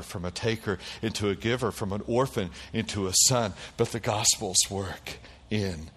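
A man preaching a sermon, calling out to the congregation and swinging between quiet low passages and loud high bursts. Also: husky, in a large hall. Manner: animated preaching with call-and-response. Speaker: pastor.

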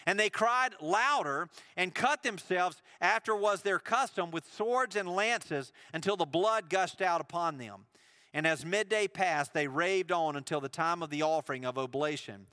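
Bright-voiced man preaching a sermon. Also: high-pitched, moderate pace, no echo. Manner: storytelling, acts out biblical dialogue casually.

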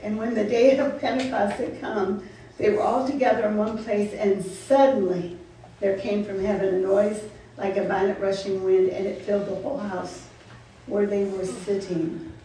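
A woman's voice: mid-range voice, steady tone, normal speed, warm tone. A woman preaching a sermon, firing repeated questions at her congregation with laughing asides. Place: church sanctuary. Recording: roomy echo, from far off, faint noise.

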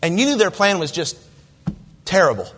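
A man's voice: sits high, very animated, moderate pace, fairly bright tone. A man preaching a sermon as pastor, reading scripture aloud and talking conversationally, asking the listeners direct questions. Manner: reads scripture aloud in King James wording. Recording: long reverb of a large hall.

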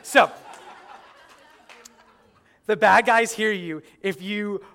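A young man performing a stand-up comedy routine, telling animated stories and acting out his own reactions. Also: high-pitched, normal speed, some chatter behind. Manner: animated storytelling, acts out yelling at the screen.

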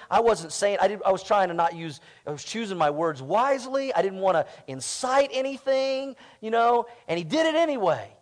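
A man preaching a sermon, telling a personal story in a conversational way and building to emphatic declarations. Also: high-pitched. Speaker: pastor.

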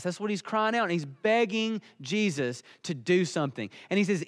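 A man's voice: high voice, lively intonation, moderate pace, few pauses, in a large hall. A man preaching a sermon, earnest and emphatic. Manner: earnest, emphatic, building in intensity.

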